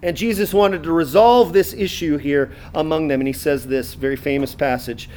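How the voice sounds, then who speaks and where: Guy with a high voice preaching, lots of uh's and restarts, reads verses then talks about them. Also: a little mellow. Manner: conversational preaching with many fillers and restarts; reads scripture aloud, pausing to comment. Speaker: pastor. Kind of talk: sermon.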